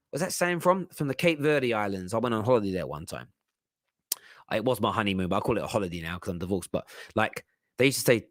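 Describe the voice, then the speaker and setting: A man's voice: mid-range voice, expressive, fast, a bit bright, dry recording. A man hosts a casual chat show. His talk is loose and rambling, full of asides and easy laughs. The sound is close and dry. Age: 30s. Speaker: host.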